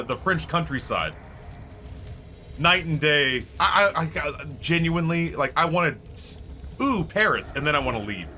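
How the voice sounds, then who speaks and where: A man talks casually into a desk mic while he streams, at an ordinary mid pitch. His delivery is rambling and profane, full of restarts and filler words. A clear layer of noise sits under his voice. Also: sharp tone. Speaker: Twitch streamer.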